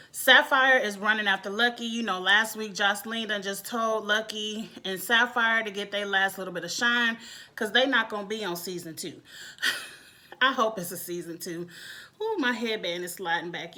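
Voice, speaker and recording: A woman giving a casual, animated reality TV review, laughing often as she talks. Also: medium pitch. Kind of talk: casual commentary.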